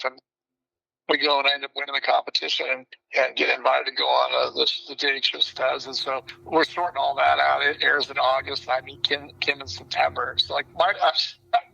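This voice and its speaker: A man guest telling his life story candidly, in a blunt and animated way. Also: medium pitch, brisk, vocal fry, muffled recording. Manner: blunt and animated, breaks into laughter.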